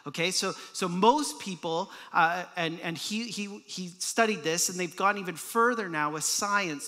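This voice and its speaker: A man preaching a sermon as pastor, casual and joking, with quick asides and playful sound effects. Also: high-pitched, sharp tone. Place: church sanctuary. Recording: church hall reverb.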